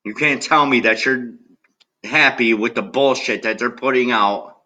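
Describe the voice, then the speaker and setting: Furious swearing man with a sharp voice. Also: medium pitch, a little slow, low-quality recording. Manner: agitated, heavily profane, talks straight at viewers. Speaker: political video blogger. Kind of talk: angry rant to camera.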